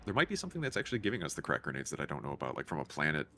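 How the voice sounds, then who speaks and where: A man's voice: extremely low pitch, rapid-fire. A young man chatting casually and joking while playing a video game with friends. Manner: lively, jokey, swings loud in surprise. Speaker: gamer co-player. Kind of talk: casual gaming banter.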